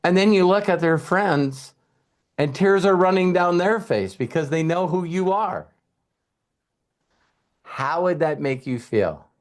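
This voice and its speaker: A man giving a casual motivational talk as a mentor, acting out quotes in lively storytelling with some swearing. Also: sits high, unhurried, pauses often. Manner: animated storyteller, acts out voices. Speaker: mentor and coach.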